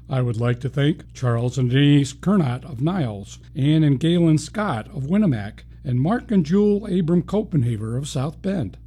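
A man's voice: medium pitch, warm tone, slightly rough. A male station membership manager reading a friendly, scripted thank-you announcement.

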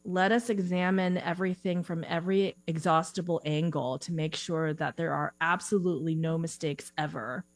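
A woman with a fairly low voice talks casually and animatedly, giggling and filling her speech with "like" and "you know". The sound is dry and close, with a faint mains hum underneath. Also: moderate pace, hardly any pauses, no room sound. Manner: animated, giggly, filler-heavy. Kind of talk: casual interview chat.

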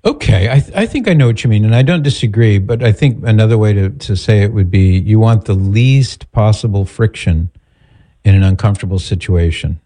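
Calm low-voiced man giving advice. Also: a little fast. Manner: calm, direct, advising. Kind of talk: call-in advice talk.

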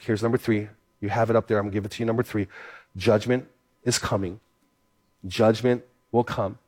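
High-voiced man preaching with fervor. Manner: impassioned, repetitive preaching with stammered restarts. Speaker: pastor. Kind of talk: sermon. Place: church in Hawaii.

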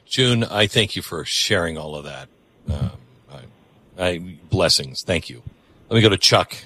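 A man's voice: deep voice, expressive, normal speed, sharp tone, slightly rough, dry recording. A man hosting a call-in radio show, talking earnestly and reflectively, often repeating words as he thinks aloud. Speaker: radio talk show host.

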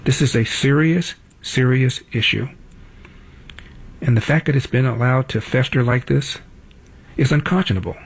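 A man's voice: medium pitch, moderate pace, long pauses, slightly rough. A man in his seventies hosting a talk show, delivering a blunt, opinionated monologue in a studio and repeating his points for emphasis. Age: 70s.

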